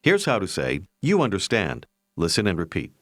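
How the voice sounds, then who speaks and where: A man narrating a recorded language lesson in a clear, measured, teacherly way. His voice sits on the low side but moves with lively intonation. The sound is dry and close. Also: dry recording. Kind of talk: scripted language-lesson instruction.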